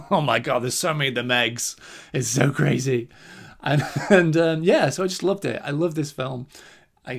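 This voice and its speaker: A young man hosting a podcast, giving a casual film review in a chatty, rambling way, laughing often and swearing freely. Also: medium pitch.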